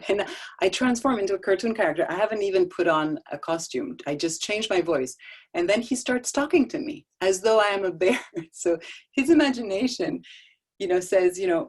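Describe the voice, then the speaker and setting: A woman's voice: mid-range voice, normal speed, darkish tone. A middle-aged woman giving a casual talk on child development over a video call, telling stories with frequent laughs and restarts. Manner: conversational storytelling, laughs often, restarts. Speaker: guest speaker on child development. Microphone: video call microphone.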